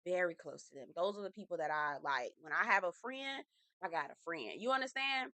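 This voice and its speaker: Sassy woman with a bright, dry voice. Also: lowish voice, brisk, no echo. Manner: sassy, animated, says "girl" often. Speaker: reality TV recap host. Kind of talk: casual recap commentary.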